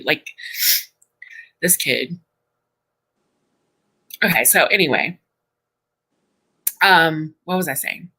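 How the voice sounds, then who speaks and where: Bright-toned rambling woman host. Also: low voice, animated, extremely slow, pauses often, slightly rough, low-quality recording. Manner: rambling, restarts sentences. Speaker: stream host. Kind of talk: casual chat.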